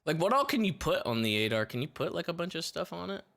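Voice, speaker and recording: A man's voice: on the high side, quick pace, creaky. A man streaming a shooter game, chatting casually with lots of swearing and laughter. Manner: swearing, laughing, excitable outbursts. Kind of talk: casual gaming stream chat.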